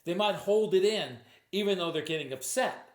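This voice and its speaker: A man's voice: high-pitched, expressive, normal speed, roomy sound. A stage hypnotist telling a true story from his shows in a casual, conversational way, often quoting himself. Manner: conversational, with restarts and acted quotes.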